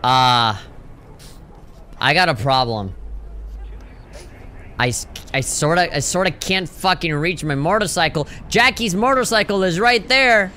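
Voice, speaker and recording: A man riffs on a game stream, laughing and cursing as he plays. His voice is bright and sits a little high. A faint hiss runs under the recording. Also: expressive, measured pace, long pauses. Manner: laughing, swearing, joking reactions. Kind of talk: casual gameplay commentary.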